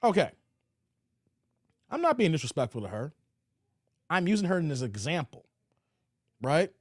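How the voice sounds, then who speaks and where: A man's voice: a little high, very animated, moderate pace, breathy edge, no echo, clean studio sound. A man hosting a livestream, reading viewer comments aloud and reacting in laid-back slang. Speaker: livestream host.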